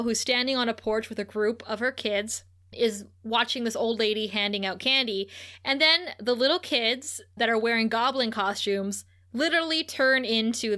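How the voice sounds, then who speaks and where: A woman co-hosting a podcast, casually recapping a TV episode in an animated, giggly way. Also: on the high side. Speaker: podcast co-host.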